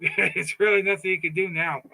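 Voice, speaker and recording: A man's voice: high-pitched, steady tone, normal speed, vocal fry, bright, forceful tone, low-quality recording. A middle-aged man giving a fired-up, taunting political monologue, often stumbling and repeating words. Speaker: political commentator. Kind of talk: casual monologue.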